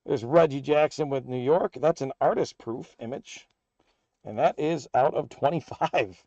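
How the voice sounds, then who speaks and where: A man hosting a live card break, calling out player names and teams as packs are opened in a steady, upbeat patter. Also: medium pitch, unhurried, no room sound, highs cut off. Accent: American.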